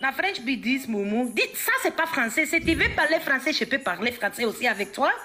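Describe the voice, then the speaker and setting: A woman with a high voice talks fast and loud on a live stream. She trades insults and switches between pidgin and French. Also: animated. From West Africa. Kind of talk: heated live-stream banter.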